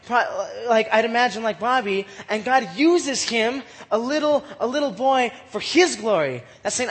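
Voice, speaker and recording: A man teaching scripture in a relaxed, chatty way, reading verses and retelling them in everyday slang with frequent laughter. His voice sits notably high for a man. A long hall echo hangs behind every phrase. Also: unhurried, few pauses. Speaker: Bible study teacher. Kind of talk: casual Bible teaching.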